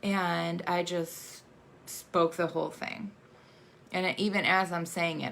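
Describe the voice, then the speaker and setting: A woman in her thirties, an adoptive mother, tells her family's story in a halting, emotional way, with many fillers and restarts. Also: on the low side, fairly even intonation, creaky, a bit bright, slight background noise. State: emotional, choking up. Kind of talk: personal storytelling monologue.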